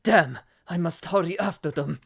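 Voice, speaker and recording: A man's voice: fairly high pitch, normal speed, vocal fry, fairly bright tone, slightly rough. Chatty man streaming a retro game. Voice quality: chatty, swears, talks to chat. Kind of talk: casual gameplay commentary. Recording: faint game music behind.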